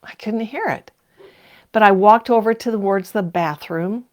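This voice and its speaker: Reading viewer comments aloud and laughing often, an older woman chats casually on her sewing livestream. She talks at a medium pitch and a little slowly.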